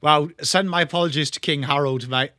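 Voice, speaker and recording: Bright, dry-sounding male watchalong host. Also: fairly high pitch, fairly even intonation, brisk, no room sound. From England. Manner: banter with viewers, swears freely. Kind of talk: casual live football commentary and chat.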